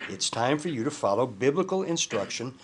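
A man reading the lines of a calm, gently probing Christian marriage counselor. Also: mid-range voice, fairly quick, slight background noise, natural voice.

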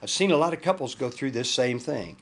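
A calm Christian marriage counselor gently presses a husband with pointed questions, read aloud by a man in his own voice. The tone is husky and the pitch is average. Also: a little fast. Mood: calm probing.

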